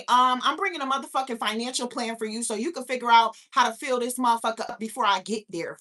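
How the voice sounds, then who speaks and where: A woman's voice: a little high, fast, few pauses, fairly bright tone. A woman hosting a live stream, ranting in a profane, incredulous way and firing off rhetorical questions. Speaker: host of a live talk stream. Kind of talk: casual live-stream rant.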